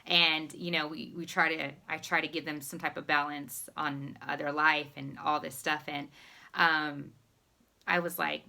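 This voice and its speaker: Bright-voiced woman life coach vlogging. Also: sits low, flat delivery, unhurried, gravelly. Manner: chatty, many fillers and restarts, encouraging. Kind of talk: casual spoken vlog.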